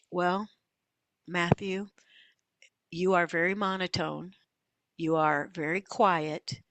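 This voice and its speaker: A woman leadership coach giving a webinar lesson, talking in a folksy, animated way full of stories and asides. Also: fairly low pitch, vocal fry, no room sound. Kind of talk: lively webinar teaching.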